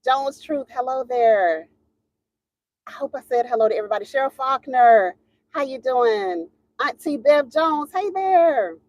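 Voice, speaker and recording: A woman's voice: sits high, expressive, measured pace, darkish tone, dry recording. A woman hosting a casual livestream, chatty and laughing often as she greets viewers and tells a story. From Southern United States. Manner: chatty, laughs often, drawling Southern phrasing. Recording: dull lo-fi sound, dry room.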